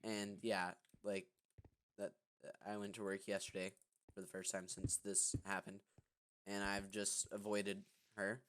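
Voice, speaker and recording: Young man, low voice, rambling casual gamer storytime, lots of fillers, background noise and clicks. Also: monotone, measured pace, a bit bright. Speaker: vlogger. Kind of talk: casual storytime while gaming. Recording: noisy recording with clicking.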